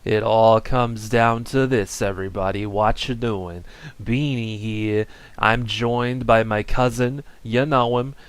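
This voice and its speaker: Brief: man playing a silly chatty mascot, loose improvised comedy, clear dry voice. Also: on the low side, fairly even intonation, slow, no room sound. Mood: playful. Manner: playful, rambling, bits of mock hype. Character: silly chatty little male mascot character.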